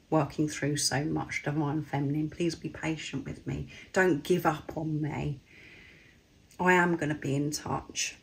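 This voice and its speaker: A woman with a low, slightly husky and croaky voice gives an earnest channeled reading, pausing and circling back over her phrases. Her tone stays soft and sincere. A faint background hiss sits under the recording. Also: low-quality recording. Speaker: spiritual card reader.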